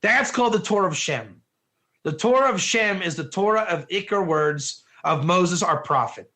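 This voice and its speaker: Emphatic high-voiced man teaching Torah. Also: lively intonation, normal speed, pushed and bright. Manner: emphatic, asks the audience rhetorical questions. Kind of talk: interactive online Torah class.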